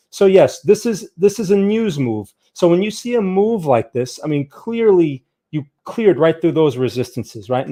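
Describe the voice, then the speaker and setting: A man's voice: a little high, mellow. A man streaming live market chart analysis, talking conversationally, often checking in with his viewers and urging them to look closely at the charts. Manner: conversational, keeps checking in with "right?".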